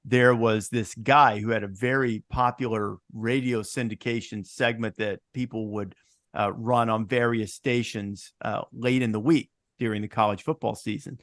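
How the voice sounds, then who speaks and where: A man's voice: lowish voice, fairly even intonation, moderate pace, fairly bright tone, no room sound, clean studio sound. A man hosting a casual sports podcast, chatting and telling stories with easy laughs. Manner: chatty storyteller, laughs easily. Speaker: podcast host.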